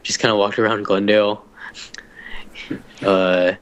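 A man's voice: lowish voice, flat delivery, measured pace, fairly bright tone, clear, resonant tone, lo-fi sound. A young man co-hosting a casual podcast, rambling with lots of hesitations and casual swearing. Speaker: podcast co-host. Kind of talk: casual chat.

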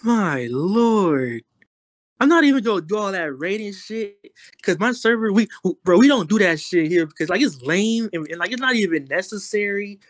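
A man's voice: high voice, lively intonation, normal speed, no echo, clean studio sound. A young man streamer rambling in casual, slangy, profane talk while roasting someone on a voice chat. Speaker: online streamer.

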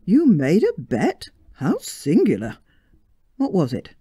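Woman doing a gallant but sheepish young husband, hesitant, low and dark-toned, dry close sound. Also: sing-song, a little slow, slightly rough, dry recording, exaggerated voice. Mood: earnest, tender.

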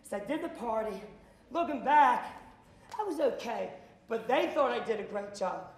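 Guy giving a pep talk to high school kids, pretty high voice, acts out all the voices and yells sometimes, echoey hall. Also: expressive, normal speed, slight background noise. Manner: acts out dialogue, bursts into shouts. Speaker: motivational speaker. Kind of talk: animated storytelling to students. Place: school auditorium.

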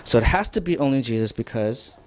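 A man delivering a sermon in a church, speaking at an everyday mid pitch. He talks in a loose, chatty way with asides and questions to the room, then leans hard into his key points. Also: animated, a little fast, slight background noise. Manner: conversational preaching, rising to emphatic. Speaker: pastor. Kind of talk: sermon lecture.

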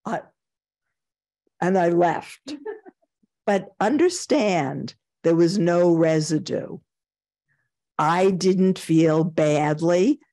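A woman's voice: fairly low pitch, lively intonation, very slow, long pauses, mellow. An older woman with a New York accent giving a Zen dharma talk, telling anecdotes, chuckling and acting out the voices she quotes. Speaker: Zen teacher.

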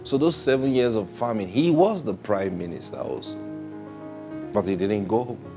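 A man preaching a sermon, swinging between loud exclamations and hushed, slow asides, and acting out prayers and conversations. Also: on the low side, expressive, music in the background. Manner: acts out prayers and conversations in changed voices.

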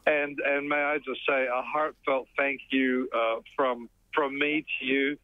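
A man calls in to a radio show and speaks haltingly, padding his sentences with "uh" as he searches for words. His voice comes through a dull, muffled line that is dry, at a middle pitch. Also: little pitch movement, no echo. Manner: halting, many fillers, warm thanks. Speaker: caller reporting from a theatre foyer. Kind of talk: casual on-air chat.

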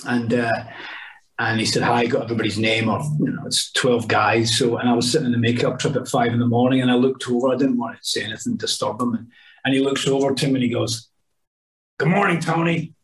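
A man's voice: mid-range voice, flat delivery, fast. A middle-aged Scottish man, an actor, telling rambling anecdotes on a podcast, with lots of restarts and asides. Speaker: actor guest. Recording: voice a bit distant from mic.

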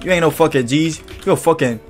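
A man's voice: fairly high pitch, quick pace, music in the background. A man doing casual gameplay commentary, hyped and trash-talking in profane banter. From Louisiana, USA. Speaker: gaming YouTuber.

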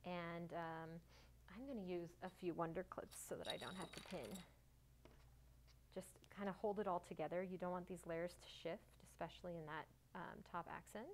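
A woman hosting a sewing tutorial, talking casually and cheerfully through each step, joking at herself and breaking into little bursts of excitement. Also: lowish voice, a little hiss or hum. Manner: chatty, self-mocking, bursts of excitement.

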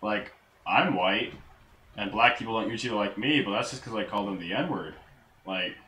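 A man giving casual gameplay commentary, crude and full of swearing, with sudden loud outbursts. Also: on the low side, moderate pace. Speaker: let's play gamer. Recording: roomy echo, faint noise.

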